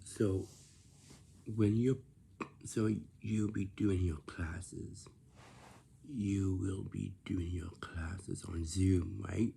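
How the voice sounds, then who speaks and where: A man's voice: low-pitched, fairly even intonation, very slow, creaky, mellow, a little hiss or hum. A man talking casually to camera, lecturing about lazy and rude behaviour and repeating himself often. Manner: repetitive, lecturing about manners.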